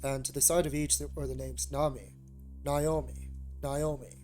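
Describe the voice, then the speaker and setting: A man's voice: medium pitch, moderate pace, faint music behind. A man streaming a visual novel, reading it aloud with rambling, hesitant asides and restarts. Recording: steady background noise.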